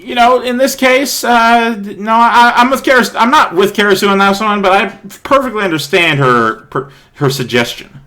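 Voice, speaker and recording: A young man hosting a let's play, reading a visual novel aloud with animated, swearing, laughing asides. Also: high voice, moderate pace.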